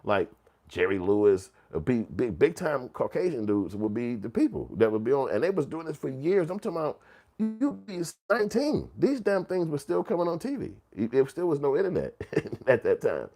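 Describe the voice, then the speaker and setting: A middle-aged man, telling casual, profane, animated stories as a commentary host. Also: mid-range voice, brisk. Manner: animated storytelling, swearing and slang.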